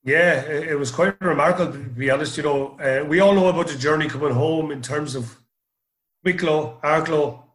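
A middle-aged man from Ireland, his voice on the high side and his pace moderate, is a guest in a storytelling interview. He rambles through his stories and repeats words along the way.

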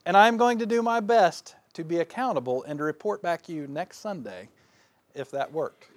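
Man, pastor, folksy self-mocking sermon delivery, slightly high voice, dry close sound. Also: expressive, normal speed, no echo. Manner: folksy, self-deprecating, laughs often; swings between loud bursts and quiet asides.

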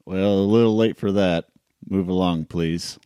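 A man playing a tabletop game in character, terse and deadpan. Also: sits low, measured pace, clean tone, no echo, clean studio sound. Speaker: player.

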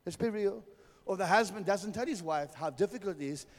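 A South African pastor preaching in a high, lively voice that swings widely in pitch. He speaks to his congregation directly and forcefully, and the sound carries a long hall reverb. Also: fairly quick. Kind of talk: sermon. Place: church hall.

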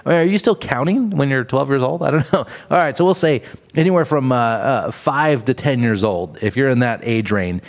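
Speaking at a normal speed in a mid-range voice, this podcast host goes on casual, over-the-top comedic rants, peppered with swearing and his own laughter at his jokes.

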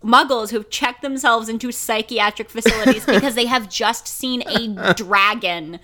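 A young woman co-hosts a casual comedy podcast, her voice bright and forward. She talks in an animated, profane rush and keeps slipping into silly voices. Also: a little high, moderate pace. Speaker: podcast co-host.

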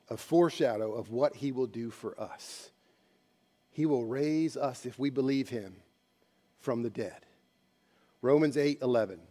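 A man preaching a sermon, telling a story dramatically and moving between hushed passages and loud ones. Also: mid-range voice. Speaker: pastor.

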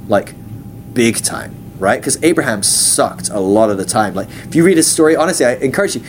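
Chatty man teaching, lively pitch. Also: a little hiss or hum. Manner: chatty, uses many fillers and acts out quotes. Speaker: teacher at a ministry school. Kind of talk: casual teaching talk.

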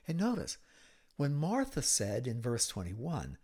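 Slow, hushed male preacher. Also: mid-range voice, very animated. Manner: slow, dramatic retelling with hushed, whispered moments. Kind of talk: sermon.

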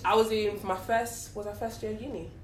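A woman's voice: mid-range voice, steady tone, echoey room, recorded from a distance, slight background noise. A woman in her twenties with a London accent, telling a story in casual chat, acting out the lines of people she quotes. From London, England. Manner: rapid, storytelling, acts out quotes, laughs often.

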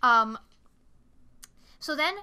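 Bright, animated young woman podcast host. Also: on the high side, drawn-out words, clean tone. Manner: animated, profane retelling with acted-out quotes. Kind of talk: casual movie recap chat.

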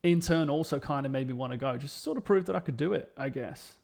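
A young English man chatting casually and telling stories, animated and swearing freely, acting out the people he quotes. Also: fairly high pitch, fast, creaky. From England. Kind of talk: casual chat, storytelling.

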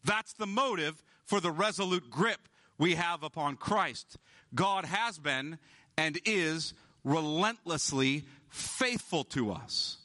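A male pastor preaching an emphatic sermon, slowing down to stress key words. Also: a little high, expressive, sharp tone.

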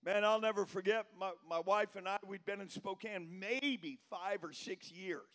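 A middle-aged man preaching a sermon as pastor, telling a story that builds into shouted preaching. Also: high-pitched, normal speed.

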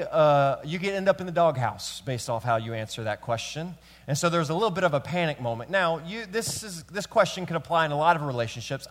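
Male pastor preaching in a reverberant church. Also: fairly high pitch. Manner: conversational storytelling, addresses the men in the room. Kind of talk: sermon. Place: church sanctuary.

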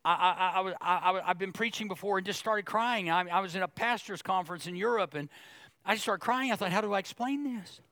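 A middle-aged man preaching a sermon with a bright, forceful voice pitched a little high. He is animated and joking, slipping into the voices of other people. The sound is dry and close. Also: a little fast, dry recording. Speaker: pastor.

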